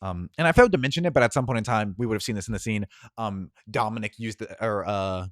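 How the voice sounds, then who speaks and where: A man with a very low voice narrates a tabletop superhero game as game master. He talks casually, dotted with ums. The sound is dry and close. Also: fast talker, dry recording. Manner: casual, with many filler ums.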